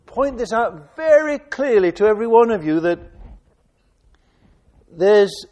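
A man with a high voice delivers a sermon at an unhurried, measured pace. He reads scripture aloud with dramatic emphasis and pauses for reflective asides. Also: animated, a little mellow. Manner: slow, deliberate reading with dramatic emphasis and asides. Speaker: preacher. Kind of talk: sermon reading and expounding scripture.

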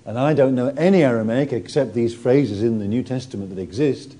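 A man preaching a sermon, retelling the story with animated energy and warm humour. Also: mid-range voice, brisk.

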